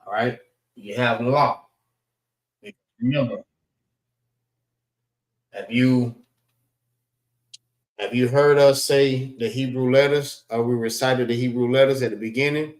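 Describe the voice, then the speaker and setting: A man teaching a class, slowly sounding out letters and checking in with the group as he goes. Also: medium pitch, steady tone, recorded from a distance. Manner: slow and deliberate, sounding out letters, frequent "all right" checks. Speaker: class instructor. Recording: roomy echo.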